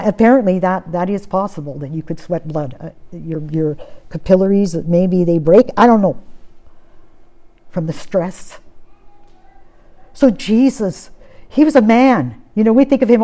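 A woman preaching a sermon, swinging between urgent, rising appeals and hushed, solemn passages. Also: medium pitch.

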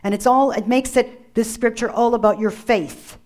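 A woman's voice: a little high, fairly even intonation, moderate pace, darkish tone. Emphatic woman preaching a sermon. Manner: emphatic, repeats key phrases, calls on listeners by name.

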